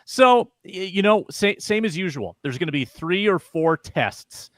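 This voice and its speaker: A man co-hosting a sports talk show, briskly asking questions and running through picks. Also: sits high, expressive, fairly bright tone, no room sound. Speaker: co-host.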